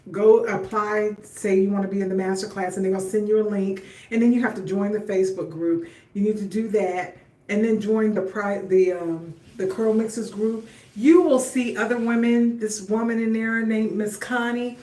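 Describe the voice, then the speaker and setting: A woman's voice: mid-range voice, darkish tone, recorded from a distance. A middle-aged woman hosting a casual livestream while she styles her hair. She talks chattily and directly to her viewers, with some talk about her faith. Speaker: livestream host. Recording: roomy echo, voice off-mic.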